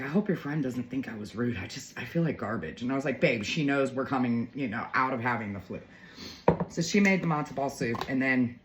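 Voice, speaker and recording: A woman's voice: a bass voice, slight background noise, rough recording. Emotional chatty woman in her forties. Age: 40s. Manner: heartfelt, emotional, chatty with fillers. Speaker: vlogger. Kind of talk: casual storytelling to viewers.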